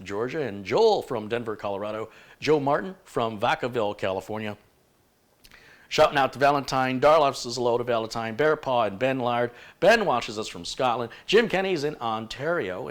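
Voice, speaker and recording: A man hosting a casual livestream, joking and rambling as he reads out viewer greetings. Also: lowish voice. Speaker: livestream host.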